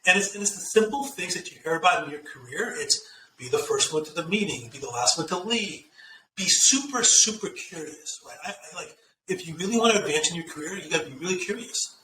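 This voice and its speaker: Middle-aged guy giving career advice, animated, bright voice, sounds a bit far from the mic. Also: sits high, a little fast, slight background noise. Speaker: guest executive. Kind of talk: casual interview chat. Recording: echoey room, off-mic, faint ambience.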